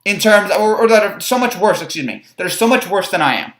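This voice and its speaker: A woman's voice: mid-range voice, animated, fast. A young woman ranting as a sports fan vlogger, frustrated and rambling, with stammered restarts. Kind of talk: fan reaction rant. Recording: echoey room.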